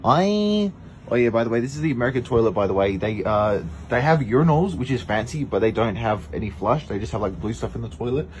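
A man's voice: mid-range voice, animated, fast talker, slight background noise. A young Australian man vlogging casually to camera, rambling and frank, with lots of fillers and restarts. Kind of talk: casual vlog talk to camera.

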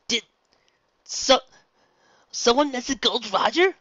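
A man voicing a brash, food-loving young male pirate pony in a loud, eager, raised voice. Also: very high voice, big pitch swings, fairly quick, dry recording, voice pushed up, heavily acted. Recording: dull lo-fi, dry.

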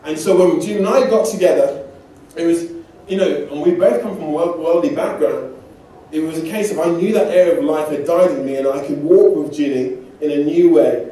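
A man's voice: fairly high pitch, a little fast, warm tone. Man preaching in an echoey church. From England. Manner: conversational storytelling with self-deprecating humor. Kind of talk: sermon. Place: church hall. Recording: distant mic in an echoey church hall.

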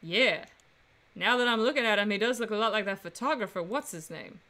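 A woman's voice: mid-range voice, expressive, a little fast, crowd noise. A woman casually playing and reading through a game on a stream, musing aloud. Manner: musing, reads dialogue and narration aloud.

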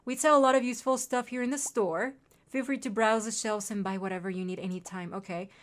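A woman reading aloud the lines of a welcoming male store owner in a game, in a polite, measured way. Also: fairly high pitch, fairly even intonation, natural voice.

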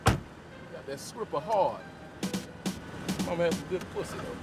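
A man's voice: a little high, very animated, a little slow, loud music behind the voice. A man playing a furious profane armed father. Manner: profane, menacing, shouting bursts. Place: outdoors in the woods. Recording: distant mic with clear outdoor noise.

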